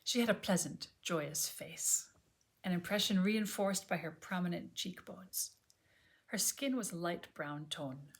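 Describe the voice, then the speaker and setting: A woman reads an audiobook chapter from her sofa at home. Her voice sits low and her delivery is gentle and measured, slipping at times into a near whisper. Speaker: audiobook reader. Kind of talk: audiobook reading.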